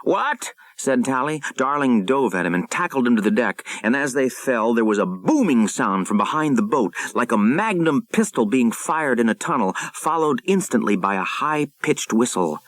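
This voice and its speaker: A man narrating an audiobook in a measured, dramatic storytelling manner, recorded close to the mic. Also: mid-range voice, expressive, fairly bright tone, dry recording, low-quality recording.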